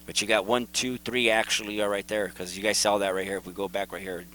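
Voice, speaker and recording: A man hosting his own video, casually and excitedly talking viewers through photos and repeating himself as he points things out. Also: on the low side, quick pace, a little hiss or hum, poor audio. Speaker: video host. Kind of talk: casual commentary over photos.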